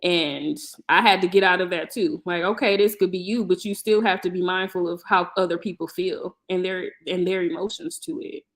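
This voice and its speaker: A woman's voice: lowish voice, steady tone, normal speed, hardly any pauses. A woman co-hosting a podcast, talking candidly and emphatically in casual, colloquial chat. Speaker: podcast co-host.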